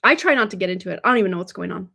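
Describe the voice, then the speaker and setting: A woman's voice: medium pitch, animated, very fast, vocal fry, bright, forceful tone. A woman giving a casual livestream tarot reading, chatty and rambling, tripping over words and laughing them off. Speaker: tarot reader. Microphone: livestream mic.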